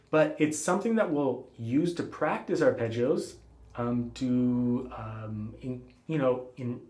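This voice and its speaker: Calm man teaching guitar in a roomy space. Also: mid-range voice. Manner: calm, patient explaining, calls out finger letters. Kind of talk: spoken instruction between playing. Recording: roomy sound with guitar playing.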